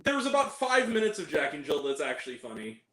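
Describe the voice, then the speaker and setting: A man hosting a casual chat about movies, animated and laughing often, acting out quoted lines. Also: a little high, quick pace, reverberant, a crowd in the background, low-quality recording. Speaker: channel host.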